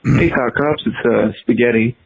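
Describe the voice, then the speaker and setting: Gravelly husky male voicemail caller. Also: mid-range voice, dull audio. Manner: halting, subdued.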